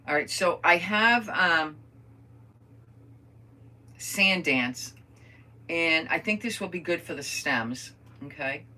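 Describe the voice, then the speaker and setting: A woman's voice: sits low, expressive, slow, pauses often, sharp tone. An older woman chatting casually to viewers while she crafts at home, rambling through stories and talking to them as friends. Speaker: crafter vlogger.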